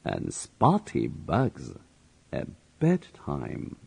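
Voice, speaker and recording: A man reading a simple story aloud in short phrases, slowly and evenly, so that learners can repeat each one. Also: rumbling low, huge pitch swings, vocal fry, darkish tone, breathy edge. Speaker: reading teacher.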